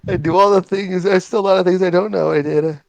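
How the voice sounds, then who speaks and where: Creaky, joking young-sounding man player. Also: high voice, steady tone, fast, darkish tone, no echo. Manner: joking, giggly, goofy. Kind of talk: casual chat at a tabletop session.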